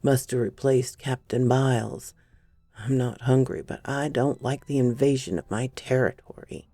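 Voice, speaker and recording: A woman's voice: extremely low pitch, unhurried, warm tone, dry recording, voice pushed down. A woman storyteller voicing a sour, gloating newly turned male vampire who grumbles sardonic asides.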